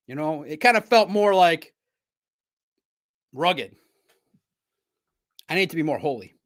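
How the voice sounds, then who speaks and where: A man hosting a casual sports talk show, riffing in an animated, jokey way with sudden loud bursts. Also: fairly high pitch, takes it slowly, long pauses.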